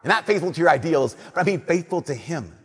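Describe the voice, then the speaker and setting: A man's voice: a little high, quick pace, slightly rough. A man preaching a sermon, telling stories and acting out remembered conversations. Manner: lively storytelling, acting out remembered dialogue. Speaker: Catholic preacher. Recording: long church reverb.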